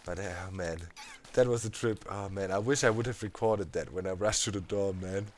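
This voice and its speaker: Animated gamer man. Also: deep voice, brisk, a little hiss or hum. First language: German. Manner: animated, laughing, heavy on fillers like "you know, man". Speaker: let's play host. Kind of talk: casual storytelling over gameplay.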